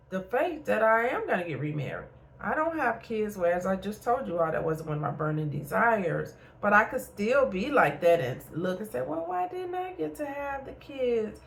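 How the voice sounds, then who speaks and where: A woman's voice: medium pitch, expressive, moderate pace, slight background noise. A middle-aged woman, a therapist and life coach, talking frankly in a casual motivational vlog and repeating points for emphasis.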